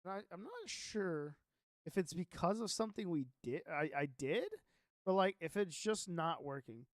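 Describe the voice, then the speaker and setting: A man's voice: sits high, moderate pace, no echo, clean studio sound. A young man live-streaming a game, chatting loosely with his viewers and reading his own notes aloud in a rambling way. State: sleepy, yawning. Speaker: Minecraft streamer. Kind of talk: casual live-stream chat.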